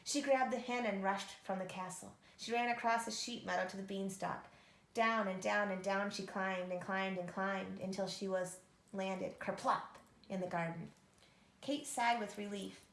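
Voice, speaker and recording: Gravelly woman reading a storybook. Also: medium pitch, steady tone, normal speed, roomy sound. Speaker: storybook reader. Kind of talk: reading a children's story aloud.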